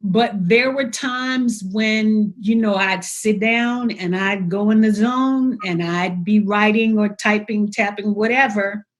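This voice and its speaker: A woman's voice: medium pitch, takes it slowly, hardly any pauses. Woman poet guest, reflective storyteller, quotes her own inner voice. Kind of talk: reflective conversational interview.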